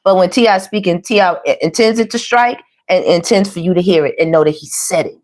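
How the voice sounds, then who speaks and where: A woman giving a casual tarot reading, talking to her viewers in a chatty, slangy, animated way. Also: lowish voice, fairly quick. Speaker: tarot reader.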